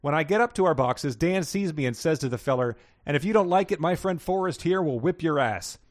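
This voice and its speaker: A man reading aloud in the voice of a slow-witted Southern man, with a put-on Southern accent and folksy, ungrammatical speech. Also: fairly high pitch, lively intonation, no echo, studio quality, pitched above the performer's own voice, close to an everyday voice. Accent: American Southern, put on. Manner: folksy drawl with broken grammar.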